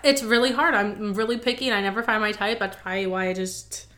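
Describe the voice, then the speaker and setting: A woman guest in a casual podcast chat, chatty and quick to laugh out loud. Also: mid-range voice, fairly even intonation, echoey room, a crowd in the background.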